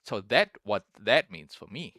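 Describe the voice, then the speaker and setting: A man's voice: on the low side, sing-song, unhurried, pushed and bright, dry recording, clean studio sound. A man giving casual reaction commentary as a streamer, rambling and repeating himself, full of "like" and "bro".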